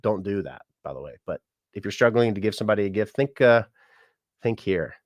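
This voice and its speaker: A man's voice: lowish voice, lively intonation, brisk, darkish tone, no room sound, clean studio sound. A man who works as a musician and mortician, chatting casually on a livestream and reading out viewer comments. He is upbeat and laughs often.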